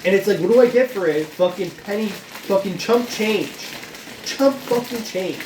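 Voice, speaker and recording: A man with a fairly high voice rants in a rambling, profanity-laced tirade, his anger building as he goes. He is recorded a little away from the mic in an echoey room. A faint hum of room ambience sits behind him. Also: moderate pace, far from the mic. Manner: angry, rambling, heavy swearing. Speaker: vlogger venting about job loss. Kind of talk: profane venting monologue.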